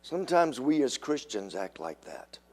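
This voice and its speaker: This is an older man giving a sermon. His delivery is slow and forceful, and he acts out the voices he quotes in a lively way, with abrupt pitch jumps.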